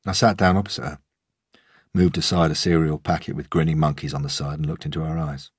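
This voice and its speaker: A man narrating an audiobook in a measured, even manner. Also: a bass voice, husky, no echo, studio quality. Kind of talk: scripted narration.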